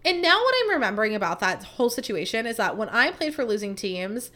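Talking fast in a fairly high voice, a woman in her thirties hosts a casual podcast, telling animated stories in a chatty way and leaning heavily on the word "like."

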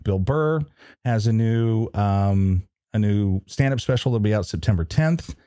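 A man co-hosts a casual podcast in a low, warm, relaxed voice. He rambles, stops and restarts, and leans on fillers as he talks. The sound is dry and close. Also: unhurried, clean tone, no room sound. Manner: rambling, full of ums and restarts. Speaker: podcast co-host. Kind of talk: casual chat.

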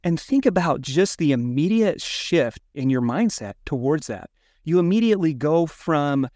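Male podcast co-host, casual and animated, acts out his inner thoughts, dry studio sound. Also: on the high side, normal speed, no echo.

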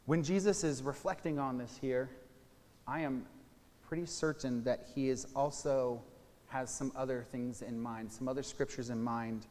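A man's voice: medium pitch, fairly even intonation, moderate pace, darkish tone. A man preaching a sermon, teaching casually and a little self-deprecating, then reading scripture aloud with emphasis. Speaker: pastor. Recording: long hall reverb.

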